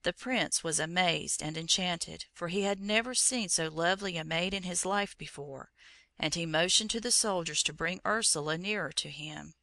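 A narrator reading a storybook chapter aloud in a measured, even storytelling manner. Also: mid-range voice, vocal fry, dry recording.

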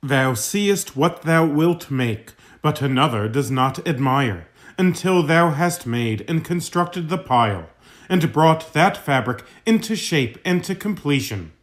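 A man reading an old sermon text aloud in a measured, solemn delivery. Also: fairly high pitch, animated. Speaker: reader.

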